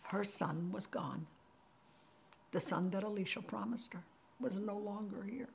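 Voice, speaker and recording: A woman hosting and teaching a Torah class, telling the story with animated energy and sometimes dropping to a near-whisper for emphasis. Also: medium pitch, a little slow, creaky, a little hiss or hum.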